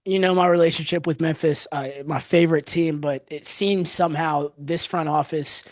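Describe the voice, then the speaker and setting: Young male podcast host, fairly high voice, dry close sound, animated sports talk. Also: normal speed, dry recording. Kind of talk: casual sports podcast chat.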